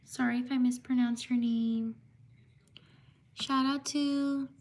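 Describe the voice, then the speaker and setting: A woman hosting a live stream, slowly reading out shout-outs to viewers and taking care over their names. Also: a little high, level tone.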